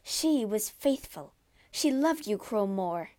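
An outspoken maidservant from a storybook, loyal and fierce, with a blunt, indignant way of speaking, voiced by a woman reader. She speaks slowly and firmly. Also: mid-range voice, lively intonation, a little mellow. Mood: fading. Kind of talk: storybook reading.

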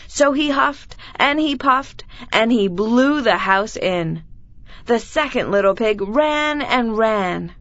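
A woman reading a children's story aloud clearly and deliberately for learners. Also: on the high side, expressive, a bit bright, no room sound, dull audio. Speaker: reader of children's stories.

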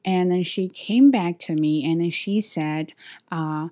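A woman telling a story to camera in a vlog, hesitant with many fillers and restarts, animated when she acts out what others said. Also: fairly low pitch, slow. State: sweaty after a walk. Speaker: vlogger.

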